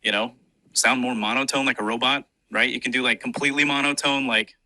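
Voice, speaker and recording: A man in a played clip explaining how he speaks on an in-breath to sound like a robot, in a calm explanatory way. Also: mid-range voice, fairly quick, dry recording. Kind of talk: demonstrating a robot voice.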